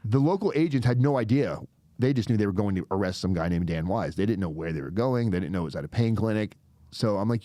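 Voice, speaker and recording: A man in his forties telling a story on a podcast, animated and cursing, acting out the voices of the people in it. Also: on the low side, fast talker, dry recording. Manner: animated, swears a lot, acts out quoted voices. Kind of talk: casual storytelling. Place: podcast studio.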